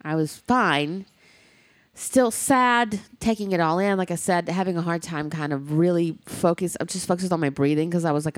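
A woman's voice: on the low side, moderate pace, no echo. A woman co-hosting a casual discussion, speaking candidly and emphatically, swearing freely.

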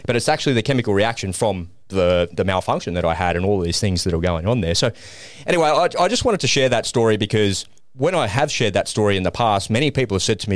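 Middle-aged male podcast guest, low voice, animated storyteller, dry sound. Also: fast, no echo. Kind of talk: personal storytelling.

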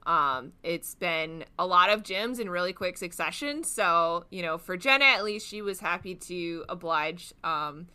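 Bright-voiced chatty woman co-host. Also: on the low side, a little slow, hardly any pauses, clean tone. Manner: chatty, filler-heavy, explains at length. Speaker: podcast co-host. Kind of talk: casual game recap chat.

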